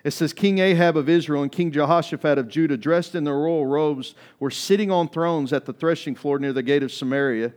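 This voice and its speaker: Man preaching, conversational and animated. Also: a little high, a little fast, hardly any pauses. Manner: conversational preaching with sudden drops in volume; acts out quoted voices in reading. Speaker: pastor. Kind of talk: sermon.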